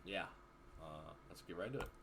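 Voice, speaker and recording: A man's voice: low-pitched, animated, fairly quick, background noise. A man hosting a reaction video, chatting casually in a laid-back, easily amused way. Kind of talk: casual chat.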